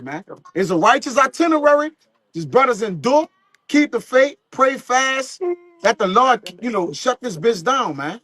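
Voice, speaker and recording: A man's voice: high-pitched, fairly bright tone, dry recording. A man preaching at a live teaching session, speaking loosely with slang and profanity and chuckling between points. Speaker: street preacher.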